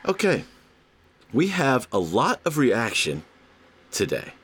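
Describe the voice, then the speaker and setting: A man hosting a casual comedic podcast, talking to listeners in an animated, playful way with drawn-out emphasis. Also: mid-range voice, slightly rough. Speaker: podcast host.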